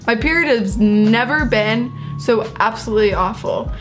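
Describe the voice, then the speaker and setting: Animated young woman telling a story. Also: fairly high pitch, moderate pace, faint music behind. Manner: animated storytelling, quotes herself. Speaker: co-host. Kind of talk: casual story time chat.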